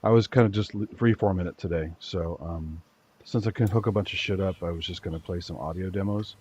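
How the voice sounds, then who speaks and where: Low-ish guy on a muffled call, lots of ums, kinda apologetic. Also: a little fast, a little mellow, slight background noise. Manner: hesitant, apologetic, lots of fillers. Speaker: co-host. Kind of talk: casual chat. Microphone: video call.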